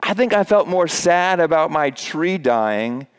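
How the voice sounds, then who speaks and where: A man's voice: animated, unhurried, smooth. A man preaching a sermon in a church. He talks to the congregation in a conversational way, with fillers, restarts and asides. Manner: acts out quoted voices in a raised pitch. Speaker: pastor. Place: church with a screen behind him.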